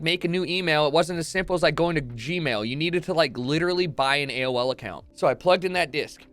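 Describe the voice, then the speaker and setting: Young male streamer, excitable comic storyteller, slightly high voice, dry close sound. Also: no room sound. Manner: swearing, excitable, acts out quotes. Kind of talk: animated comedic storytelling.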